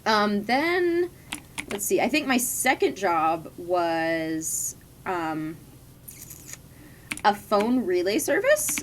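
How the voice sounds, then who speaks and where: A woman's voice: mid-range voice, a bit bright, a little hiss or hum. A young adult woman streamer chatting casually and rambling through stories from her past jobs while she plays. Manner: rambling, chatty storytelling with frequent laughs. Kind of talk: casual chat while gaming.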